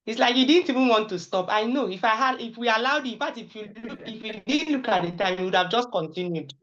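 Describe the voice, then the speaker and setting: A woman hosting an event, calling up speakers and thanking them in an unhurried, friendly way. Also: a little high, animated, fairly bright tone. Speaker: event host. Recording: dull lo-fi recording.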